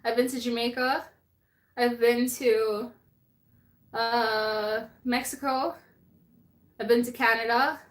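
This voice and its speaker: High-voiced breathless young woman chatting. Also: fairly even intonation, slow, pauses often. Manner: chatty, laughs often, reads viewer comments aloud. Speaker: vlogger hosting a live stream. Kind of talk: casual live-stream chat with viewers.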